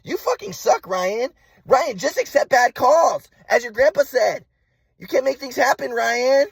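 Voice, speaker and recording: A man putting on the voice of his furious, shrill mother, berating and swearing. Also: lively intonation, measured pace, gravelly, breathy edge, no room sound, heavily acted. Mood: screaming. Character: furious shrieking middle-aged mother.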